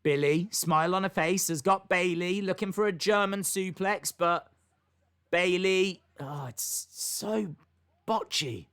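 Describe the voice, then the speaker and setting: A man's voice: high voice, slow pace, fairly bright tone, clean tone. A young man hosting a live wrestling watch-along, calling the action and reading chat comments aloud. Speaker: wrestling stream host.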